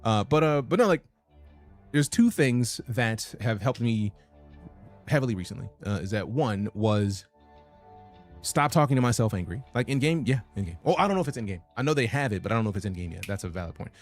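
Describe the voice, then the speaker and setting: A man's voice: lowish voice, lively intonation, fairly quick, soft background music. A man streaming a game, chatting casually and profanely while reading out his chat. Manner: casual, profane, reads chat messages aloud.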